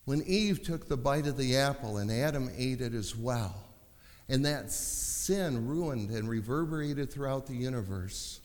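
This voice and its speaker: A man's voice: medium pitch, animated, a little slow. Man, preacher, sermon, impassioned delivery, long hall reverb. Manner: impassioned, rising to shouting.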